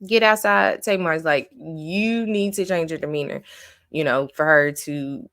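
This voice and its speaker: A woman's voice: low-pitched, measured pace, a bit bright, clear, resonant tone, dry recording, studio quality. A woman giving a casual recap and review of a reality show, blunt and opinionated, venting her exasperation.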